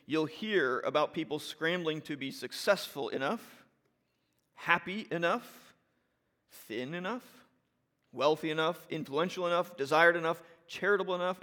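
Higher-voiced man preaching a conversational sermon. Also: fairly bright tone. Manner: conversational, often checks in with "right?" and "all right?"; repeats and restarts phrases while building emphasis. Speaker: pastor.

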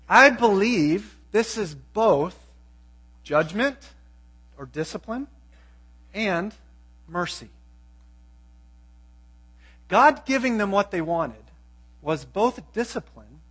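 A man's voice: high voice, a bit bright. A man preaching a sermon, reading scripture and asking his listeners pointed questions. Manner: emphatic, asks the audience questions.

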